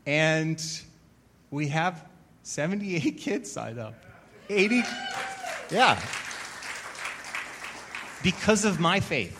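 Fairly high-voiced pastor telling stories. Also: male voice, animated, takes it slowly, pauses often, crowd noise, background noise. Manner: storytelling with wry self-mocking humor; builds to louder, emphatic preaching. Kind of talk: sermon.

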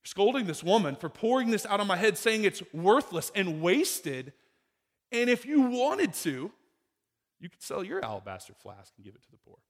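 A man delivers a sermon in a relaxed, talky way, pausing for questions to the congregation. His voice sits a little higher than most men's and swings up and down a lot. A long reverb from the hall trails after each phrase. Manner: conversational preaching, rhetorical questions to the congregation. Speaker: pastor.

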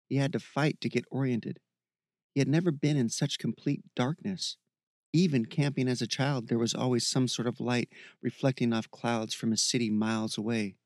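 A man reading a fantasy story aloud as narrator, in a steady, even storytelling voice. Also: mid-range voice, dry recording, studio quality. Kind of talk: audiobook narration.

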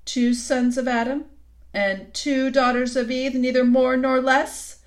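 A woman reading a storybook aloud and voicing a haughty, stern queen who commands slowly and loudly. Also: high-pitched, fairly even intonation, pitched above the performer's own voice. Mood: scheming. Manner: commanding, slow and loud with sudden sweetness.

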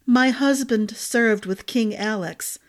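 A woman's voice: on the high side, slow. A woman voicing a gossipy, motherly head cook who talks with emphatic fondness.

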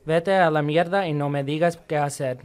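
A man with a Spanish accent playing a hardworking diner cook who speaks in halting English and is short-tempered. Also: fairly high pitch, close to an everyday voice. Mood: angry.

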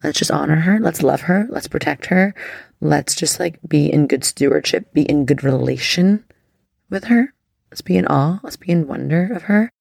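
Gravelly-voiced woman hosting a podcast. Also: low voice, expressive, moderate pace, darkish tone, no echo, studio quality. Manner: effusive and heartfelt, heavy use of "like". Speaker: astrology podcast host. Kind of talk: casual podcast monologue.

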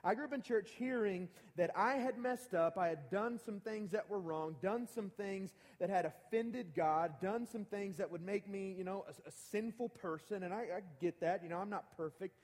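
A man's voice: high voice, normal speed, hardly any pauses. A man in his thirties preaching in a casual, conversational way and leading the congregation in call-and-response. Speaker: pastor. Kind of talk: sermon. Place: large church hall. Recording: long hall reverb.

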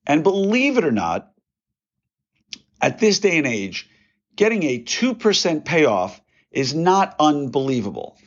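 A man's voice: a little high, very animated, unhurried, long pauses, highs cut off. A man hosting his own podcast, talking casually and folksily while working through numbers aloud. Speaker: podcast host, orthodontist. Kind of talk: casual solo podcast monologue.

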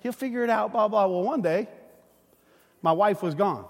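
A middle-aged man preaching a sermon, telling a family story in a lively, conversational way. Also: high voice, moderate pace, slight background noise. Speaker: pastor. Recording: long hall reverb.

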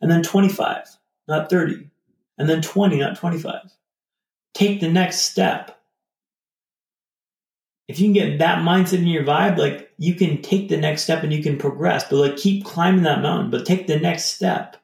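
A man's voice: fairly high pitch, steady tone, normal speed, vocal fry, a little mellow, reverberant. A man talking casually on a video call as a podcast guest, rambling loosely with lots of fillers. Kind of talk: casual reflective storytelling.

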